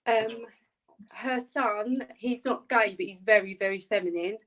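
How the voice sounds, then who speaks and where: A woman answering a medium's questions on a video call, soft and hesitant. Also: mid-range voice, a little slow. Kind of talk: casual chat.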